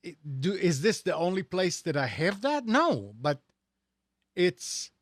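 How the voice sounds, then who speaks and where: A man's voice: high-pitched, very animated, a little slow, no echo, clean studio sound. A man co-hosting a tech talk show, speaking casually in a rambling, sarcastic way with many restarts. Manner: rambling, sarcastic, self-correcting. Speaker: radio show host.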